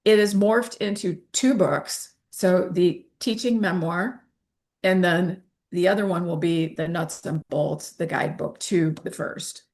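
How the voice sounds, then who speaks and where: A woman's voice: lowish voice, unhurried, darkish tone. A woman in her fifties, an interview guest who talks candidly and acts out the dialogue she quotes. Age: 50s.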